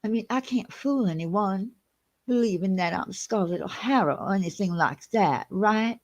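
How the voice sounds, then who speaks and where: A woman hosting a casual livestream, her voice sitting at a mid pitch. She talks in an animated, gossipy way, quick to sound indignant. She often breaks off to sort out her screen share. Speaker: channel host.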